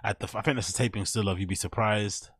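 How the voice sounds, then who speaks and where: Low-voiced man, mocking profane commentary. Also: fairly even intonation, quick pace, a bit bright, husky, dry recording, studio quality. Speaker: commentary channel host. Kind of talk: casual reaction commentary.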